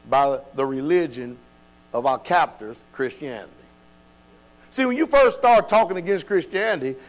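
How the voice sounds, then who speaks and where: High-voiced preacher man with a hum. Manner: preaching cadence, rhetorical questions, emphatic; informal speech with dropped verbs. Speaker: preacher leading a Bible study. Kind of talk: Bible study teaching.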